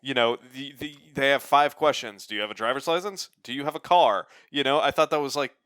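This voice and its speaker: A man from Ohio co-hosts a casual podcast chat. His voice is smooth and clear, and he drops dry, wry quips into the talk. He is recorded close on a dry mic. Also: mid-range voice, brisk, a bit bright, no echo. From Ohio, USA. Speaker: podcast co-host.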